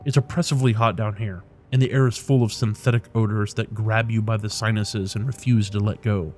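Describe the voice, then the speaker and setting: A man's voice: on the low side, fairly even intonation, fairly quick, a little mellow, soft background music. A man narrating a video game, reading its text aloud with casual remarks and tripping over unfamiliar names. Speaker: let's play commentator.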